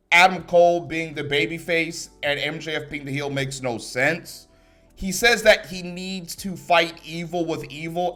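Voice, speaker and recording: A young man tears into a wrestling show in a fired-up, profane rant, breaking into laughs along the way. His voice sits a little high for a man. Faint music plays behind him. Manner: profane, heated ranting with laughs. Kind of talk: ranting show review.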